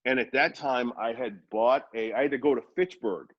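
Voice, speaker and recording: A man in his fifties from Worcester, Massachusetts, a radio personality telling rambling, animated anecdotes in a casual interview. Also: medium pitch, moderate pace, dry recording, muffled recording. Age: 50s.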